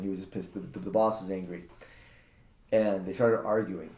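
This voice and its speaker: A man casually telling a personal story, animated and acting out what people said, often repeating words. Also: sits low, moderate pace, echoey room. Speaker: guest, jiu-jitsu practitioner.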